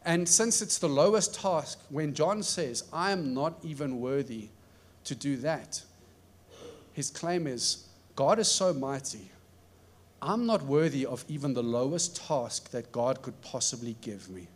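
A man's voice: medium pitch, animated, a little slow. A man preaching a sermon in an earnest, emphatic way, asking rhetorical questions.

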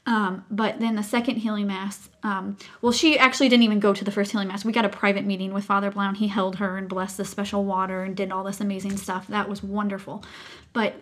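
Woman in her 30s, earnest emotional storyteller, casual chat, mid pitch. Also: flat delivery, brisk. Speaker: co-host sharing a personal story.

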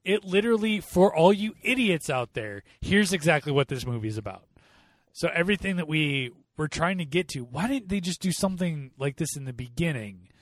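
A man co-hosting a casual movie review podcast, animated and fond of acting out scenes in put-on voices. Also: fairly high pitch, brisk, no room sound. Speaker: podcast co-host.

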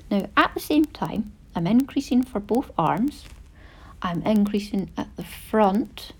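A woman, hosting a casual chat show and rambling through many asides. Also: mid-range voice. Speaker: podcast host.

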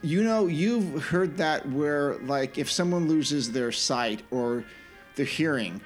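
A man co-hosting a casual theme-park podcast, talking in an animated, opinionated way with frequent restarts. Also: fairly high pitch, slow, faint music behind. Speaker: podcast co-host. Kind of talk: casual chat.

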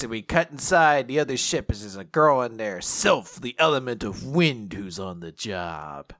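A man's voice: medium pitch, animated, normal speed, few pauses, fairly bright tone, no echo. Dry-sounding man in sarcastic chat. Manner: laughing, sarcastic, acts out characters' lines. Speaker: podcast co-host. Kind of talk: casual chat recapping a manga.

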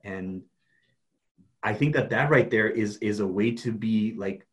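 A man who works as a life coach, talking earnestly in a casual conversation, often restarting his sentences. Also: fairly low pitch. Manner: earnest, halting, many restarts.

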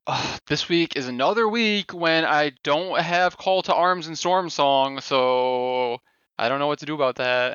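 A man co-hosting a gaming podcast, recapping his week in a relaxed, rambling way with many fillers. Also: medium pitch, clean tone, no room sound, highs cut off. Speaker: podcast co-host. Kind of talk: casual gaming podcast chat.

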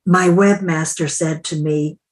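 A woman's voice: low voice, fairly even intonation, measured pace. A woman who works as a mentor and coach, talking reflectively in an interview and acting out the voices in her stories. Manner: reflective, acts out quoted dialogue. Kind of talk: conversational interview storytelling.

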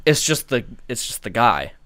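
A man's voice: mid-range voice, big pitch swings, moderate pace, a crowd in the background. Young man cracking wry, crude jokes. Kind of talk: casual chat.

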